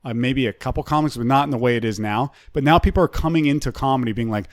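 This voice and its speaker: A man's voice: mid-range voice, quick pace, dry recording, studio quality. A man, a comedian, talking through his views in loose podcast banter, swearing freely and often restarting his sentences.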